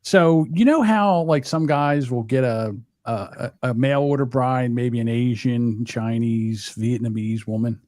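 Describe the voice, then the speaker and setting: A man's voice: medium pitch, fairly even intonation, unhurried, few pauses, a little mellow, dry recording. A man hosting a podcast, ranting and mocking with profanity in casual banter. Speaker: podcast host.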